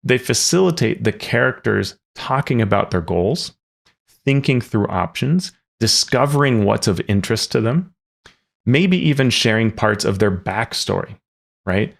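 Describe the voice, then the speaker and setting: Male advice host, deep voice with some vocal fry, chatty and explanatory. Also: animated, a little slow. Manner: conversational, often adds "right?". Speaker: tabletop game advice host. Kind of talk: casual instructional talk.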